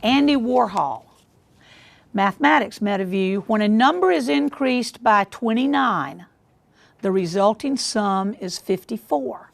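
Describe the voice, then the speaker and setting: A woman hosting a school quiz show, reading questions in a measured way and repeating them deliberately. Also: mid-range voice, animated, gravelly.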